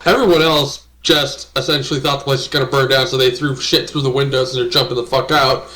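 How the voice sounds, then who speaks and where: A man running a tabletop game as game master, narrating casually with swearing and hesitant pauses. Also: mid-range voice, steady tone, bright, forceful tone. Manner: casual, profane, halting with fillers.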